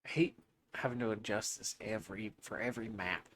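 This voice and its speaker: A man's voice: on the low side, fairly even intonation, brisk, fairly bright tone. A man playing in a tabletop role-playing game, trading sarcastic jokes and thinking aloud. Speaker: player.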